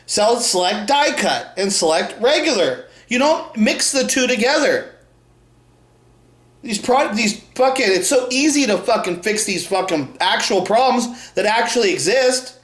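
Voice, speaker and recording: A man's voice: high voice, animated, unhurried, fairly bright tone. A man co-hosting a podcast, ranting in a heated, contemptuous way and swearing constantly. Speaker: podcast co-host. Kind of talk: angry profane rant. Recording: echoey room.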